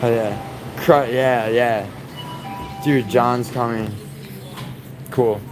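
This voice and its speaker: A man's voice: mid-range voice, fairly even intonation, very slow, music in the background. Profane, rambling man on a livestream. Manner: crude, profane, rambling and mocking. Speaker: livestream host. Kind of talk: casual livestream chat.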